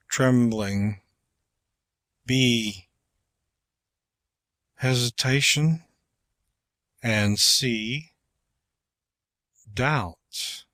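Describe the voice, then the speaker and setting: Male audiobook narrator, unhurried textbook reading, mid-range voice, dry close recording. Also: on the low side, fairly bright tone, dry recording. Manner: slow, measured reading of numbered exercises. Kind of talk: scripted narration of a public speaking textbook.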